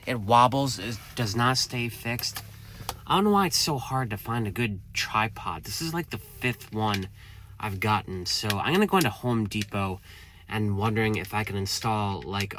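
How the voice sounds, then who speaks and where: A man's voice: fairly low pitch, sharp tone, a little hiss or hum. A man narrating a casual travel vlog to camera, thinking aloud in a loose, unsure, chatty way. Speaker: van-life vlogger.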